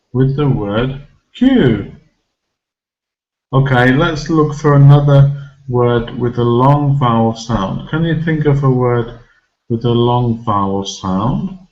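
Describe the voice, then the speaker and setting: A man teaching English pronunciation in a video lesson, speaking slowly and deliberately and repeating words for emphasis. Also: medium pitch, a little mellow, dull audio. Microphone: recorded for a video lesson.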